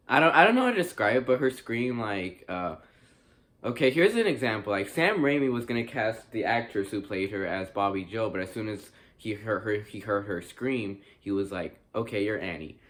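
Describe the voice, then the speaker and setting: A man's voice: on the low side, a bit bright. A young man giving a casual spoken movie review, rambling with many fillers and restarts and swearing freely.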